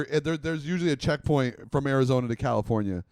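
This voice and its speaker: A man's voice: mid-range voice, brisk, a little mellow, no echo. A man in casual podcast chat, rambling through a story with restarts and swearing. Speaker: podcast co-host.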